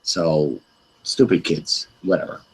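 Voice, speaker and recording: A middle-aged man on an open group call, casually telling a long, profane, animated story with quoted voices. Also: extremely low pitch, slow, husky, rough recording. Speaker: hangout participant.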